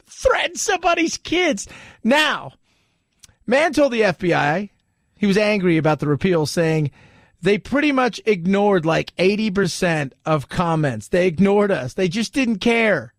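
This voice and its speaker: A man's voice: high-pitched, a little slow, no room sound, clean studio sound. A man hosting a talk radio show, commenting animatedly and mockingly on the news. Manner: animated, mocking, jumps into exaggerated quoted voices.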